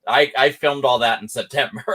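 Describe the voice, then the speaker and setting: Bright-voiced friendly man. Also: mid-range voice, moderate pace, breathy edge, low-quality recording. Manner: friendly, laughs often, stumbles on repeated words. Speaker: guest, video creator. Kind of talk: casual chat.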